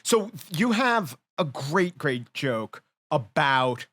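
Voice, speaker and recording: A man's voice: on the high side, very animated, slow pace, fairly bright tone, dry recording. A man hosting a podcast interview, asking questions and affirming his guest often. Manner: affirming, frequent "yeah". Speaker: podcast host.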